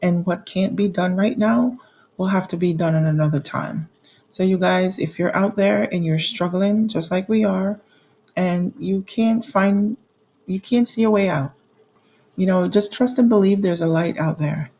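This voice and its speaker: Speaking at a measured pace in a dark-toned, lowish voice, this forties-aged budgeting vlogger reviews her monthly bills casually. She laughs at her own difficulties and reads out each amount, with frequent fillers and restarts along the way.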